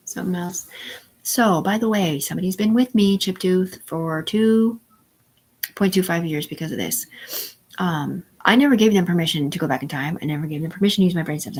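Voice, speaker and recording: A woman's voice: medium pitch, darkish tone. A woman hosting a live stream, talking in a rambling, profane monologue that jumps from topic to topic. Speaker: livestream host.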